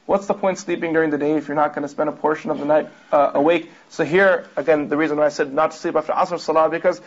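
High-voiced fast-talking male teacher. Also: steady tone. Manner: explanatory, asks the audience rhetorical questions. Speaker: religious teacher. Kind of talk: lecture commenting on a read text. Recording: dull lo-fi recording.

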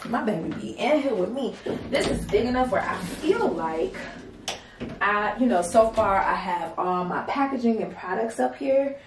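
A young woman talks casually to her viewers from a home office, chatty and friendly. She calls them y'all and girlies. Her mid-pitched voice sounds roomy, and there is a faint hiss under it. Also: lively intonation, normal speed. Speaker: vlogger and small business owner. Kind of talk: casual chat to camera.

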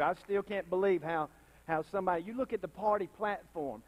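A faint crowd can be heard as a pastor preaches a sermon full of fire in a church sanctuary, talking fairly quickly. His voice sits high and keeps spiking into loud, impassioned bursts as he urges the congregation to respond and give witness.

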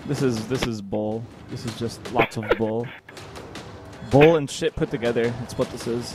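A young man hosting a gaming video, chatting casually with friends, swearing freely and yelling when startled. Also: medium pitch, steady tone, moderate pace, loud music behind the voice. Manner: swears a lot, yells in panic when startled. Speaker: let's play host.

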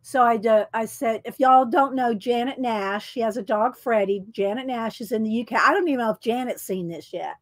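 A woman hosting a casual craft livestream, chatting to viewers by name with frequent ums and throat clearing. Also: on the high side, brisk, few pauses.

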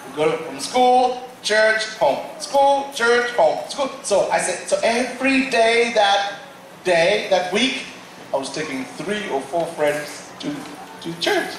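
Animated man telling a testimony. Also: sits high, slow, a little hiss or hum. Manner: animated storytelling, acting out quotes. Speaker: guest speaker. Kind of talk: sermon testimony. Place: large church auditorium. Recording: echoey hall from far off.

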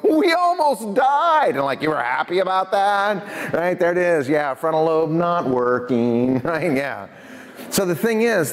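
A man giving a lively prevention talk to students, asking them questions, telling stories and laughing often. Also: fairly high pitch. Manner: animated storyteller, asks the audience questions, laughs often. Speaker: prevention specialist and youth speaker. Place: church hall. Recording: long hall reverb.

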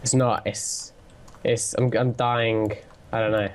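A man's voice: medium pitch, level tone, slow, a little hiss or hum. A young man chatting casually while gaming, with a dry, sarcastic way of joking, on a headset mic. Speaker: co-player.

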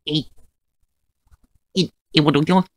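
A man's voice: on the high side, steady tone, measured pace, lightly acted. A man voicing an odd, meek cartoon creature who talks awkwardly and apologetically, in a fan-made cartoon.

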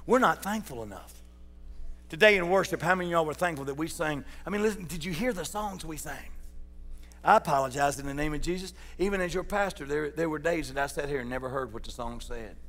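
A man preaches in a church sanctuary, his fairly high voice ringing with a long reverb. He keeps it folksy and calls out to people in the pews. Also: fast talker, fairly bright tone, soft background music. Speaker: pastor. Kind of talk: sermon.

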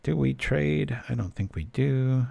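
A man's voice: medium pitch, unhurried, vocal fry, mellow, no echo. A man giving casual gameplay commentary while reading his stream chat, chatty and joking. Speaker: streamer playing a card game.

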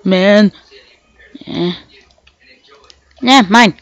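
A woman hosting a gaming video with slow, unhurried, rambling commentary, chatting to herself and the animals as she plays. She is sick, and her voice sounds a little off. The recording is close and dry, with no room sound. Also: lowish voice, animated, dry recording, rough recording. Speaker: gaming channel host. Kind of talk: casual gameplay commentary.

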